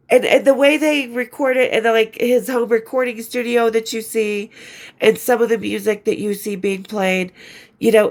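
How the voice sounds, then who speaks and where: A chatty woman hosts her podcast with a somewhat high voice, rambling through her thoughts with real enthusiasm. She drops the odd swear word and sounds a bit stuffy from allergies. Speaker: podcast host. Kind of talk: casual film review chat.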